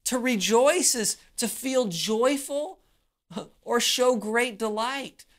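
Preacher giving a sermon, real slow and drawn out, mid pitch, keeps repeating words, lots of pauses.

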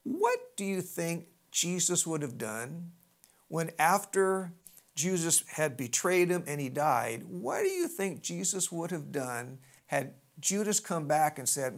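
A preacher delivers a sermon as lively storytelling. The voice leaps up and drops low from phrase to phrase, and wanders off into folksy side remarks before coming back to the point. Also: slow. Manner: animated storytelling with sidebars and big pitch swings; conversational, folksy asides.

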